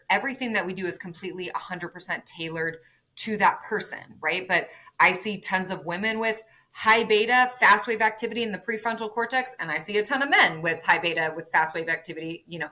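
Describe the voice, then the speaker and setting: A woman with a bright, forward voice talks as an interview guest, explaining technical ideas through everyday analogies. She keeps checking in with the listener and slips into quoted voices as she goes. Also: lowish voice. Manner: animated, explains with everyday analogies, says "right?" often. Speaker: neurofeedback clinic executive, guest. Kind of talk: conversational interview.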